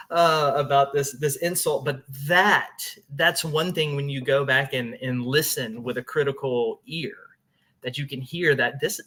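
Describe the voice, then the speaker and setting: A man's voice: medium pitch, bright, forceful tone. A man, hosting a paranormal show and telling a story in a loose, chatty way, often laughing and restarting his sentences. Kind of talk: casual storytelling to an audience.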